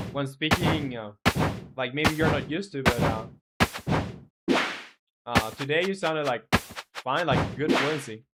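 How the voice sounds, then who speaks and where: A man, not a native English speaker, live streaming as a game developer, thinking aloud while he codes and chats with viewers in halting speech full of fillers. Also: medium pitch, heavy background noise.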